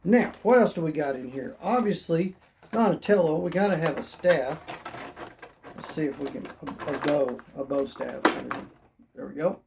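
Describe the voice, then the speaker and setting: A hoarse toy reviewer who says they are losing their voice, narrating an unboxing in a chatty, rambling way and thinking out loud. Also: medium pitch, moderate pace, noisy background.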